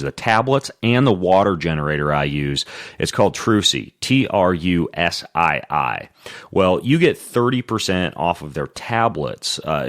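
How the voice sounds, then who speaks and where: A man with a very low voice hosts a podcast, running through his intro and sponsor reads with quick, energetic delivery. His speech sounds a little altered from new dental veneers. The recording is dry and close, with no room sound. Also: no echo. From Washington state, US. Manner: energetic, rapid-fire delivery. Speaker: podcast host.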